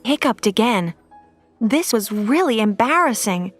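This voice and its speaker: Clear, steady woman reading a story. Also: a little high, a little slow, faint music behind. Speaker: audiobook reader. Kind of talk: graded-reader story narration.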